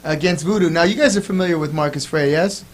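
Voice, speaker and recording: A man hosting a wrestling preview panel, briskly moving the talk along. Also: fairly high pitch, a little hiss or hum, rough recording. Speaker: panel host.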